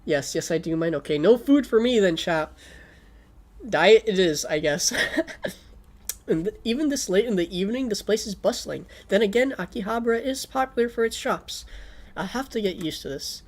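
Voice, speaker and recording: A woman's voice: medium pitch, animated, moderate pace, a little mellow. A young woman streaming casually, rambling with a Valley Girl lilt and constant "like", her throat a little sore. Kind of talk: casual livestream chat.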